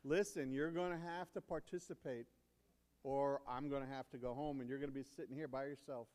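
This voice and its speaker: A deacon with a medium-pitched, a little mellow voice and fairly even intonation speaks fairly quickly, giving a playful children's sermon in a church sanctuary. He coaxes and teases the kids into answering, using a handheld or stand microphone, with long church reverb and slight background noise.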